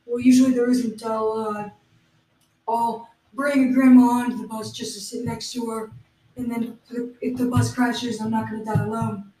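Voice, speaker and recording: A woman co-hosting an improvised comedy podcast, with halting, matter-of-fact explanations. Her voice is fairly high but mellow and very flat in pitch. She sounds roomy and distant from the mic. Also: a little hiss or hum. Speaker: podcast co-host.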